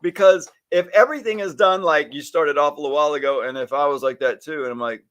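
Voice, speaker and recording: A man's voice: fairly high pitch, fast talker. A man co-hosting a casual chat about salon work, acting out little scenes as he talks. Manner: animated, acts out little scenes with voices. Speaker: podcast co-host, stylist educator. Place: home or studio, live stream.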